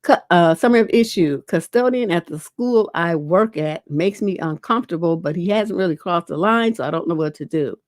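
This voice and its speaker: A woman's voice: lowish voice, lively intonation, brisk, hardly any pauses, dry recording, clean studio sound. A middle-aged woman relationship coach on a livestream, reading viewer questions aloud and answering them bluntly and casually, with a lingering cough. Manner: blunt, casual, peppered with "you know".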